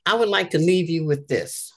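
A woman's voice: deep voice, animated, normal speed. An older woman and grandmother giving an earnest, inspirational devotional talk, repeating key phrases for emphasis. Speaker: devotional speaker.

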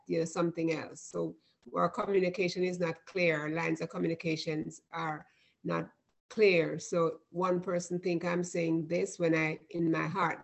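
A woman in a church class, slowly explaining her answer. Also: on the low side, gravelly.

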